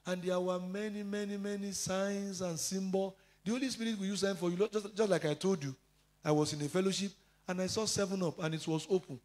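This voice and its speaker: A man's voice: high-pitched, a little mellow. A pastor preaching a sermon, citing scripture verses and his own testimonies, with frequent fillers.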